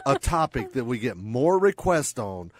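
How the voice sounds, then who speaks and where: A man's voice: mid-range voice, big pitch swings, a little slow, a crowd in the background. Playful, upbeat male radio host. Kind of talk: casual radio banter.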